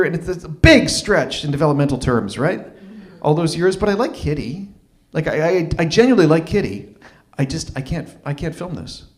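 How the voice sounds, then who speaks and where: A man telling a personal story at a live open-mic event, conversational and self-deprecating, often restarting his phrases. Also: on the high side.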